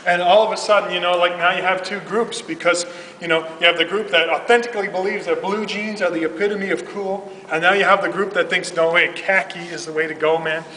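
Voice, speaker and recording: A man's voice: sits high, fairly even intonation, brisk, bright, forceful tone, a little hiss or hum. A man, a youth minister, giving a casual, humorous religious talk full of "like" and "you know". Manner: chatty, humorous, filler-heavy. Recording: roomy hall from far off.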